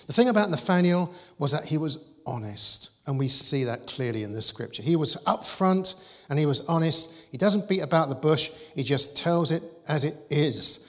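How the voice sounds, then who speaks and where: A man preaching in a relaxed, storytelling way, with a fairly high voice. His words ring out in a long church-hall reverb, and he mixes scripture with dry humour. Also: moderate pace. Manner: conversational storytelling preacher, animated and humorous. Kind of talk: sermon.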